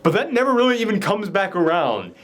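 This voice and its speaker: A man hosting a casual movie review chat, retelling the plot in an animated way with lots of "like" fillers. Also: sits high, fairly quick. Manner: animated storytelling, frequent "like" fillers. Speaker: podcast host.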